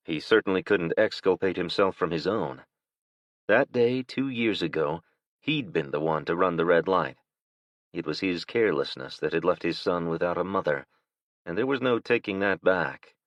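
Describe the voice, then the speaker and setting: A man narrating an audiobook in a steady, measured way. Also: low voice, no room sound. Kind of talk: scripted narration. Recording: dull, dry lo-fi recording.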